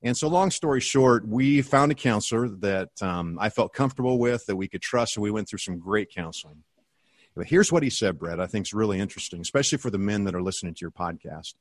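A man's voice: fairly low pitch, fast, no room sound, clean studio sound. A middle-aged American man telling a personal story in a podcast interview, earnest and emphatic. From United States. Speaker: guest, author and speaker.

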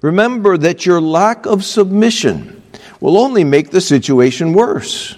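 Male pastor, fairly high voice, emphatic sermon, echoing church hall. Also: expressive, a little slow, darkish tone. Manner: earnest, emphatic preaching with asides. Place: church pulpit.

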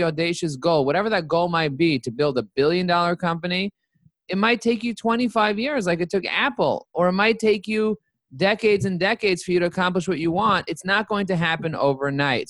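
This company CEO has a voice on the high side, captured in a dry recording. Appearing as a guest in a casual interview, he tells stories animatedly and acts out the lines of dialogue.

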